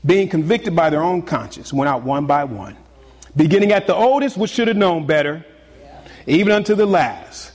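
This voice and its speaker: A pastor preaching a sermon to his congregation, swinging between loud exclamations and hushed, confiding asides. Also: on the high side, lively intonation, moderate pace, long reverb tail.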